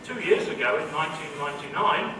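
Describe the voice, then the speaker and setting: Dry, witty male professor giving a commencement speech, voice a little high, heard from a distance in a noisy hall. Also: very animated, fast talker. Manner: dry, witty delivery of jokes and quotes. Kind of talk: humorous commencement address. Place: large indoor hall.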